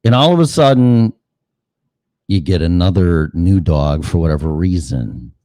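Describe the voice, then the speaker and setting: A man's voice: deep voice, animated, measured pace, dark tone, dry recording. A man hosting a show in a casual, rambling monologue, cursing freely and asking rhetorical questions. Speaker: show host.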